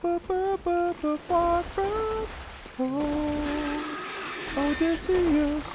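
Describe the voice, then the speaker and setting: A man's voice: extremely high pitch, heavy background noise, pitched above the performer's own voice, heavily acted. A man doing a stammering, pleading supplicant. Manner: stuttering, repeating words. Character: stammering, pleading man begging a god-king.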